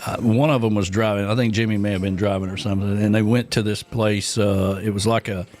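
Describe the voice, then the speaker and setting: A man's voice: fairly low pitch, steady tone, brisk, a little mellow. A man, co-hosting a casual radio show and telling rambling stories full of fillers. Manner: rambling storyteller, many fillers and laughs. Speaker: radio co-host.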